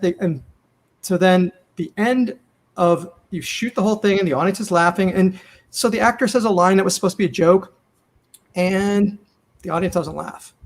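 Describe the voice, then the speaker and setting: A man who writes and runs TV comedies, telling a behind-the-scenes story in a casual interview and acting out the lines people said. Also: sits high. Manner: animated, acts out quoted lines.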